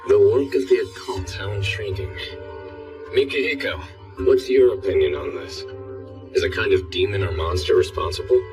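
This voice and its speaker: An actor voicing a calm, analytical male student who talks in a measured, reasoning way, in an anime dub. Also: lowish voice, natural voice. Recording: distant voice with music.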